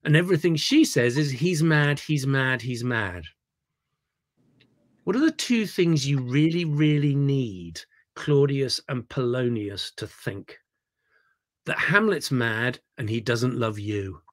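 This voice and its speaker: A man leading an online acting workshop. He is animated and digressive, repeating words when he gets excited, heard over a video call. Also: medium pitch, measured pace. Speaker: theatre director leading a workshop.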